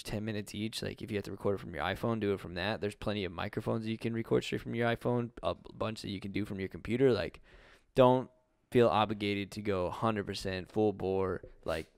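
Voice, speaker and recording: Dude co-hosting a chill podcast, kinda low smooth voice, swears a lot, rambles with tons of "like", dry close sound. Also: male voice, fairly even intonation, a little fast, no room sound. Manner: rambling, cursing, heavy on "like". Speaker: podcast co-host. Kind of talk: casual chat. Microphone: webcam.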